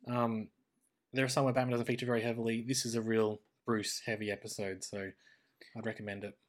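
An Australian man chatting casually as a podcast co-host, animated and talkative about a cartoon episode. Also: fairly low pitch, brisk. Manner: chatty, animated when quoting characters. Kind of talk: casual chat reviewing a cartoon.

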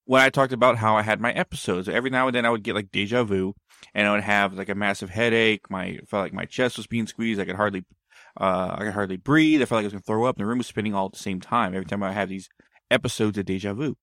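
A man's voice: lowish voice, fairly even intonation, fast, fairly bright tone, no echo, clean studio sound. A man telling a story in casual conversation, meandering and often backtracking to explain himself.

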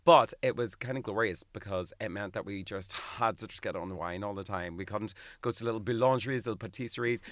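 A man co-hosting a podcast, telling travel stories in an animated, playful way. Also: on the low side, brisk, few pauses, no echo, studio quality. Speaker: podcast co-host. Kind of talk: casual chat.

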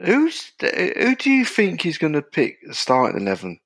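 A man's voice: fairly high pitch, huge pitch swings, moderate pace, a bit bright, no room sound. A man co-hosting a casual football podcast, hesitant and wavering as he gives his view. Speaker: podcast co-host. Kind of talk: casual chat.

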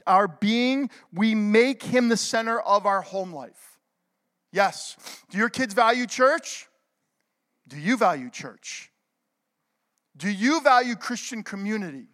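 High-voiced pastor preaching in a reverberant hall. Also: male voice, animated, a little slow. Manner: swings from loud exhortation to hushed whisper; calls for amens from the congregation. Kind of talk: sermon.

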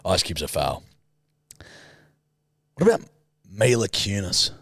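A man's voice: low-pitched, big pitch swings, slow, a bit bright, husky, dry recording. A man co-hosting a comedy podcast, teasing and mock-grumpy as he judges. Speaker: podcast co-host. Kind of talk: casual podcast banter.

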